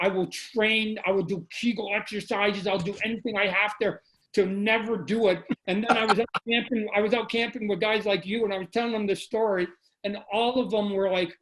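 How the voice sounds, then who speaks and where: Casting: high-pitched Canadian-raised man, animated guest storyteller, heard over a video call. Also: poor audio. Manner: animated, repeats phrases. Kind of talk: casual storytelling.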